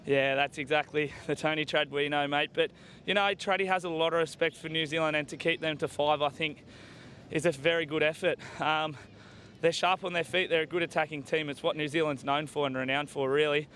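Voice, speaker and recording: Male captain, slightly high voice, easygoing, faint outdoor rumble. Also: a little fast. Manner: relaxed, friendly, says mate often. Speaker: team captain. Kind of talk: post-match interview.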